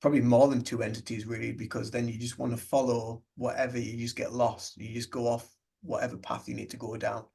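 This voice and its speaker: A man co-hosting a casual spiritual podcast discussion, speaking in a measured, reflective way. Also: mid-range voice, little pitch movement, vocal fry, warm tone, slightly rough. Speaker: podcast co-host.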